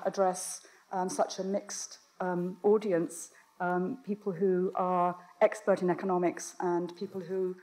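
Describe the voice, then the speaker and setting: A woman giving an academic lecture with a strained voice that comes and goes, pausing often with ums and restarting her sentences. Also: medium pitch, a little mellow. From Britain. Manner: hesitant, many ums and restarts. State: voice strained, coming and going. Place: lecture hall.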